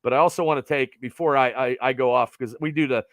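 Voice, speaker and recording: A man's voice: mid-range voice, fast talker, dry recording. A middle-aged man from Pennsylvania hosting a podcast, chatting casually and rambling with lots of fillers. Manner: rambling, animated, trails off with fillers. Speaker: podcast host. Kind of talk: casual sports chat.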